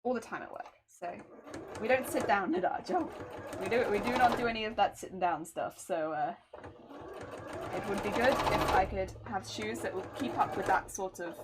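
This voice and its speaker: A young woman chatting casually on a crafting live stream, telling stories in an animated way and answering chat. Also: medium pitch, normal speed, very noisy. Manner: chatty, animated storytelling, reads chat aloud.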